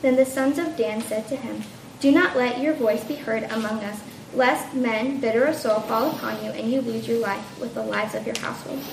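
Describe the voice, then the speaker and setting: A woman reading a long scripture passage aloud in a steady, even manner. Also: a little high, normal speed. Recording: roomy, distant from the mic, noisy.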